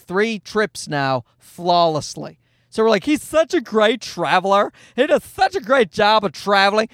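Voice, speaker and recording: A man's voice: sits high, fairly bright tone, no echo, studio quality. A man in his thirties hosting a casual solo podcast, telling a story in a profane, self-mocking way. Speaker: podcast host.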